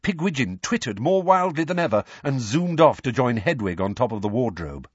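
A man narrating an audiobook in a lively, expressive way. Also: medium pitch, moderate pace, husky, no echo. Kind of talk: storybook narration. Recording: dry, slightly lo-fi recording.

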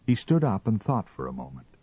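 Deep, husky male storyteller. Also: huge pitch swings, a little fast, dark tone, dry recording, muffled recording. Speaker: narrator. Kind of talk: audiobook reading.

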